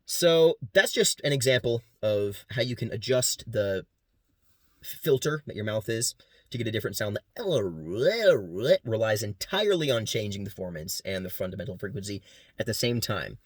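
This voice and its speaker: The clip, clean studio sound with no echo, features a student with a lowish voice giving an informal class presentation. He quickly explains vocal sounds, demonstrating each through beatboxing between sentences.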